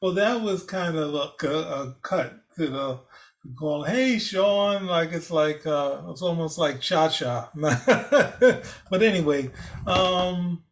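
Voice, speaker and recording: A man's voice: fairly high pitch, takes it slowly. A man co-hosting a casual film review show, easygoing and laughing as he talks.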